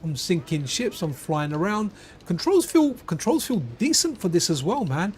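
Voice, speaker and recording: A man's voice: sits high, very animated, normal speed, slight background noise. A middle-aged man giving casual gameplay commentary as a retro gaming YouTuber, chatty and laughing often as he tells stories.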